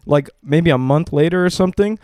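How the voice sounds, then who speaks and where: A young adult man hosts a loose comedy podcast, swearing freely and acting out other people's lines as he tells a story. His voice is smooth and clear, and the mic is close and dry. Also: a little high, fairly quick, a little mellow, dry recording. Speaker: podcast host. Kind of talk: casual comedic chat.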